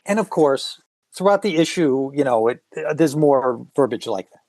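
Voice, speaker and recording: A middle-aged man in casual podcast chat, animated and reading comics aloud with voices. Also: mid-range voice, moderate pace, no room sound. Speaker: podcast guest.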